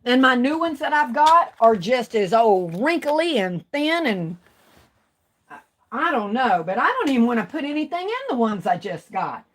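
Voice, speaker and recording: A woman's voice: fairly high pitch, sing-song. Chatty woman on a craft livestream. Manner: chatty, drawn-out, talks to viewers. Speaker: craft vlogger. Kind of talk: casual livestream chat.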